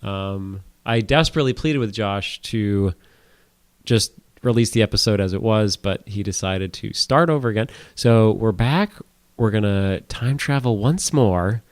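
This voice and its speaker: A man's voice: fairly low pitch, unhurried. Crude, teasing man on a podcast. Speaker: podcast co-host. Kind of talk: casual comedic chat. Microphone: on the phone.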